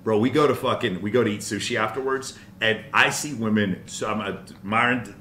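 Excitable swearing man, roomy room. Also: fairly low pitch, brisk, a little hiss or hum. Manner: animated, excitable, swears freely. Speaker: podcast host. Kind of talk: heated debate talk. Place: live venue. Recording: roomy room, faint ambience.

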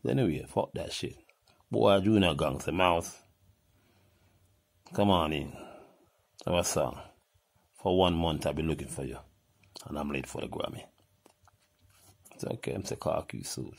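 An older man with a Jamaican accent rants in a heated, profane, animated way, hopping from topic to topic. His deep voice is husky and full of vocal fry, and he talks a little slowly with frequent pauses.

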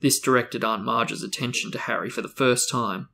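A man hosting a book discussion, reading a novel aloud with steady, even storytelling. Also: mid-range voice, moderate pace, vocal fry.

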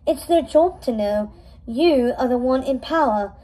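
A woman reading aloud as a flat-toned, commanding queen mother who schools her daughter in power. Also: high voice, measured pace, poor audio. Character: imperious scheming queen mother, middle-aged woman.

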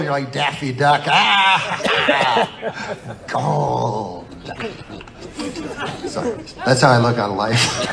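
A middle-aged man doing live stand-up on stage, telling a rambling, meandering story full of curses. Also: mid-range voice. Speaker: stand-up comedian. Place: live comedy show venue. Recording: live show with audience laughter. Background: audience laughter.

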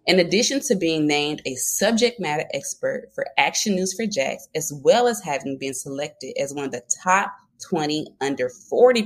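A woman from Alabama with a Southern accent, hosting a podcast interview in an upbeat, chatty way. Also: sits low. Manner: upbeat, chatty, says "y'all" often. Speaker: podcast host. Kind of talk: casual interview chat.

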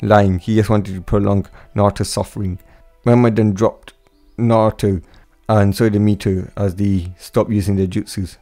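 Guy reading a fan story out loud, low mellow voice, stumbles and restarts a lot, faint music behind. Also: level tone, normal speed. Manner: unpolished reading with slips and restarts. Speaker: narrator. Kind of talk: amateur fan fiction reading.

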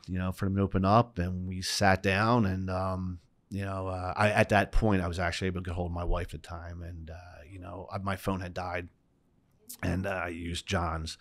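Man, low voice, middle-aged, storytelling guest, acts out the people he quotes. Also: moderate pace. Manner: animated retelling with quoted voices. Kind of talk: personal storytelling.

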